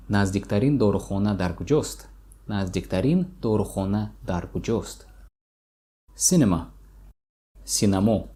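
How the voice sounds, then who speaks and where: A young man with a Tajik accent gives a vocabulary lesson. He speaks in a lowish, mellow voice and repeats each word slowly and patiently so learners can follow. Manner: slow, patient repetition of words. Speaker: language teacher.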